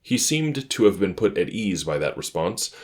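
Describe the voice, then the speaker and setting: A man narrating a first-person science fiction story in a calm, measured, quiet way. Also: sits low.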